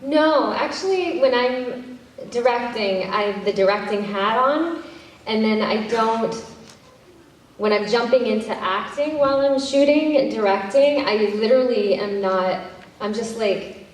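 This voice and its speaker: A woman's voice: fairly high pitch, a little slow. A woman, an actress and director, answering fan questions at a convention panel in a chatty, self-interrupting way with easy laughs. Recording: echoey hall from far off, faint noise.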